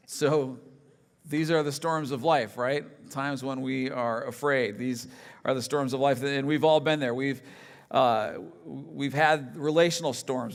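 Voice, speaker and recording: A middle-aged man, a pastor, preaching a conversational sermon with humorous personal stories. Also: mid-range voice. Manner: storytelling, self-deprecating humor, conversational. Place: church sanctuary. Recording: large hall with long reverb.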